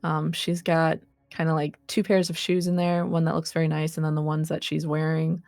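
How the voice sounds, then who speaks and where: A woman's voice: deep voice, monotone, moderate pace, vocal fry, darkish tone, no echo, faint music behind. A woman narrating as game master in a tabletop game, hesitant and full of fillers.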